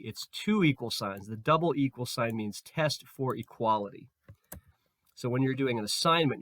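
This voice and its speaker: A man with a slightly hoarse voice explains code in a screen-recorded tutorial. He talks in a relaxed way while he works, with fillers and restarts. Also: mid-range voice. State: slightly hoarse, losing his voice. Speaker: programming tutor.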